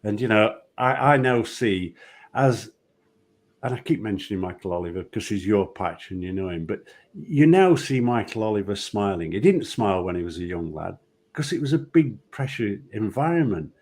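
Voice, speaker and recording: A man's voice: on the low side, normal speed. An older man, a former referee, telling anecdotes and acting out the people in them. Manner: lively storyteller, acts out quotes. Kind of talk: anecdotal storytelling.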